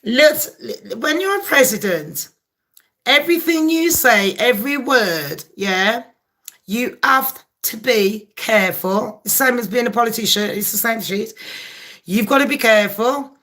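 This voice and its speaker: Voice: medium pitch, lively intonation, measured pace, pushed and bright. A host from England, ranting angrily about politics to camera, swearing constantly and firing off rhetorical questions. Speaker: channel host. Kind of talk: profane political rant to camera.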